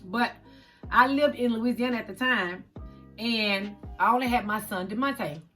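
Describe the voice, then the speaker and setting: A middle-aged woman, hosting a vlog and telling a personal story in an expressive way, speaking straight to her viewers. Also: fairly high pitch, a little slow, faint music behind. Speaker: vlog host.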